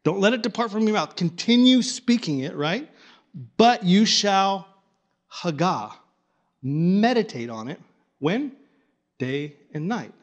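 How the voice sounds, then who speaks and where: A man teaching a Bible study class to a live group, animated, often repeating and restarting his words and coaxing the group to join in. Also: sits high, normal speed.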